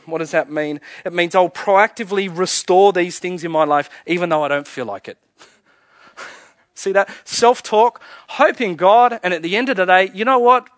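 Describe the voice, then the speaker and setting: A man preaching a sermon as pastor, earnest, often chuckling and sinking to a hushed, soft delivery. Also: sits high, no echo.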